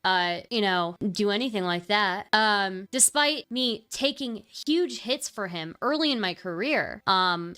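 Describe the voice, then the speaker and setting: A woman speaking candidly and with grievance in casual talk on a call, halting with fillers. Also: medium pitch, bright, forceful tone, clean tone.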